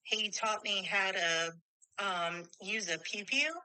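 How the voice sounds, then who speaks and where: A woman's voice: mid-range voice, steady tone, takes it slowly, pushed and bright, clean tone, no echo, low-quality recording. A middle-aged woman telling stories bluntly in casual conversation. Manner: blunt, storytelling with quoted dialogue.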